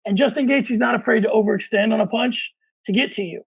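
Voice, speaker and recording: Male podcast co-host, high and gravelly, opinionated and runs the show. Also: fast talker, rough recording. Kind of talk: casual sports chat.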